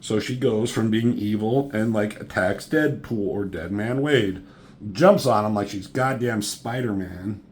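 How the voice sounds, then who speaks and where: A man casually reviewing a comic book, sarcastic and profane, mocking the characters with quick impressions. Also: lowish voice, darkish tone.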